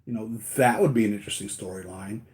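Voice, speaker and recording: Low mellow-voiced man rambling casually. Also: quick pace. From United States. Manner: rambling, many fillers and restarts. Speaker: toy collector vlogger.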